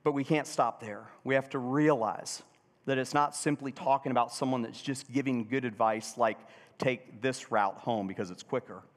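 A man's voice: mid-range voice, steady tone, moderate pace. Man preaching in a reverberant hall. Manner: preaching, engaging the congregation with questions. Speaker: pastor. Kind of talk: sermon.

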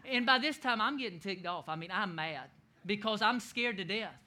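Animated, bright-voiced male preacher. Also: sits high, moderate pace. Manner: animated, laughing storyteller who shouts quoted lines. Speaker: pastor. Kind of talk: sermon storytelling.

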